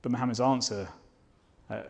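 Male preacher, mid-pitched, earnest sermon delivery that builds to fervent declarations. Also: steady tone, normal speed, creaky. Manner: rhetorical questions to the listeners.

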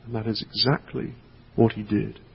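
A male pastor giving an earnest sermon, reading a storybook aloud and dropping to a hushed voice for emphasis. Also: on the low side, level tone, normal speed, gravelly, breathy edge. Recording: echoey hall, dull lo-fi sound.

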